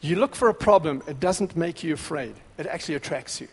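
A man preaching a sermon, dramatic, dropping to a hush and then rising to shouts. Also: fairly high pitch, expressive, a little fast, husky. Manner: dramatic, swings between hushed and shouting. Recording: long hall reverb.

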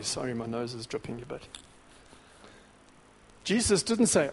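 A man preaching a sermon, dramatic, dropping to a hush and then rising to shouts. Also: on the high side, very animated, normal speed, long pauses, slightly rough. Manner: dramatic, swings between hushed and shouting. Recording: long hall reverb.

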